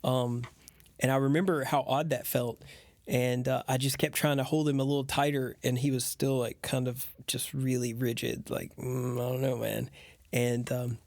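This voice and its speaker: Gravelly man telling a story. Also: medium pitch, little pitch movement, moderate pace, darkish tone, no echo, studio quality. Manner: rambling, many fillers. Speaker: adoptive father. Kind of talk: casual storytelling.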